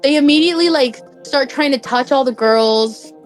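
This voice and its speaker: Faint music plays behind a young woman with a high-pitched voice as she recounts a personal anecdote at normal speed. She's casual and talkative, leaning heavily on "like" as a filler.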